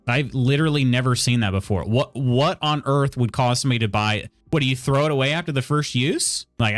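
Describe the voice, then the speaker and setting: A man's voice: medium pitch, brisk, few pauses, no room sound, faint music behind. A man streaming a video game live, chatting casually and thinking aloud with lots of fillers and questions to himself. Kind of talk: casual live-stream chat while playing.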